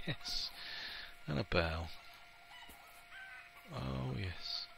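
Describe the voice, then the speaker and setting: A man giving casual, chatty commentary as he plays a game, opinionated and quick to laugh at himself. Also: mid-range voice, animated, vocal fry, noisy background. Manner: chatty and opinionated, with frequent laughs and playful asides. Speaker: let's play gamer.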